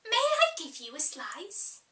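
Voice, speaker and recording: A woman reads as a polite, eager young girl, her high voice bright and lively. The voice is in an echoey room, a little away from the mic. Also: takes it slowly, distant mic, exaggerated voice.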